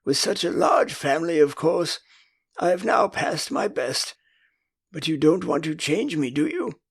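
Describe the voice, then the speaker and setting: A man's voice: on the high side, very animated, measured pace, creaky, slightly rough, dry recording, clean studio sound, exaggerated voice. An older man with an English accent voicing a prim, motherly young girl in a storybook audiobook. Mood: tender. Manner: prim, earnest.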